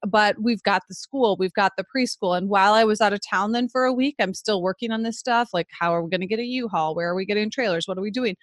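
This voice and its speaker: A woman, co-hosting a podcast and telling a story in animated, casual chat full of "like" fillers. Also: mid-range voice, no echo. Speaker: podcast co-host.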